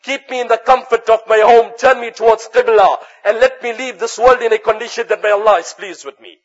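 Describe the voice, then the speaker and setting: A man's voice: very high voice, steady tone, fairly quick. A man preaching an earnest sermon, telling stories and reciting Arabic narrations. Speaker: Islamic preacher. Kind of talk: sermon with storytelling. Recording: dull lo-fi recording.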